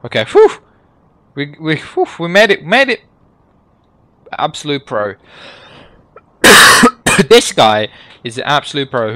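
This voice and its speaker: A man's voice: a little high, wildly swooping pitch, takes it slowly, long pauses, pushed and bright, no room sound. A young man giving casual, joking gameplay commentary as he plays, swearing and laughing at himself. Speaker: gaming YouTuber.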